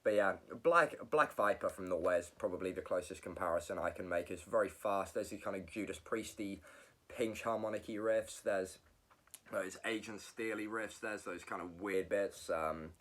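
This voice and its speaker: A man reviewing metal albums in a casual, rambling monologue, sick, often correcting himself and filling pauses with ums. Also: deep voice, a bit bright.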